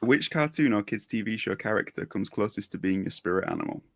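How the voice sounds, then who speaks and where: A man hosting a podcast, enthusiastic and quick to laugh loudly in casual chat. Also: lowish voice, lively intonation, no room sound. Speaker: podcast host.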